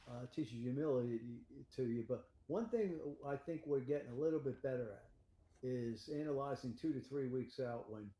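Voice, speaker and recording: An older man talking about the weather forecast in a rambling, excitable way, with filler words and laughter. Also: medium pitch, reverberant, poor audio. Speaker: meteorologist guest. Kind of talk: casual forecast discussion.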